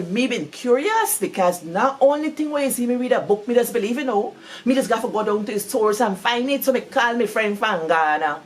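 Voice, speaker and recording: A woman with a Guyanese Creole accent, talking through a book in a casual, animated way and repeating words for emphasis. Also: medium pitch. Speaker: book reviewer.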